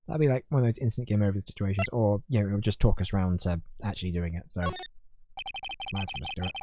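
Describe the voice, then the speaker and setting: A man's voice: lowish voice, fairly even intonation, fairly quick. A man casually commenting while streaming a video game and reading its lines aloud. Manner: casual, reads all game parts aloud. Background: game music.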